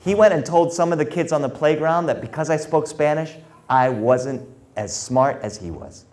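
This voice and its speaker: A middle-aged man telling a story in a live performance in a library, animated and playful, slipping in Spanish phrases. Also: fairly high pitch, normal speed.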